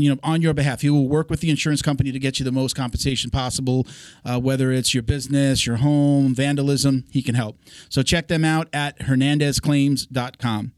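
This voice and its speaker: Male podcast host, slightly high voice, casual and rambling, dry studio sound. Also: no room sound. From South Florida. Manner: loose and chatty, with fillers.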